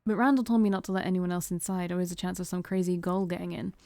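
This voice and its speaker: Woman playing a blunt male doorman vampire, gruff, mellow and dry. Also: on the low side, fairly even intonation, fast, no echo, close to an everyday voice. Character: rude male bouncer vampire, gruff then flirty.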